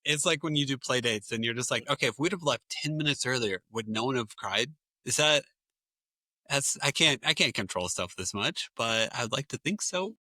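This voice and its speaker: A man's voice: medium pitch, animated, normal speed, bright, forceful tone, no room sound. A man in his thirties chatting casually on a podcast, telling family stories and acting out what everyone said. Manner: chatty storytelling that acts out family quotes. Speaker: podcast co-host or guest. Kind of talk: casual chat.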